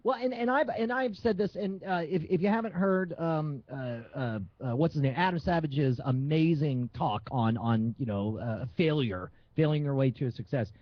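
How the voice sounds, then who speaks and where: A man who is a magician guest, telling stories in an animated, emphatic way during a casual chat. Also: on the high side, normal speed, hardly any pauses, dry recording. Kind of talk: casual live-stream chat. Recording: dull lo-fi sound.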